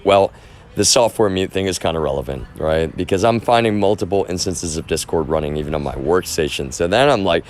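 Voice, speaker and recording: A man with a very low voice talks straight to his stream, unscripted and loose. He circles back and restarts his sentences often, pressing the same point over and over. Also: a little fast. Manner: rambling, with many restarts and repeated phrases; insistent, keeps stressing his point. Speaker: livestreamer. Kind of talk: casual unscripted monologue.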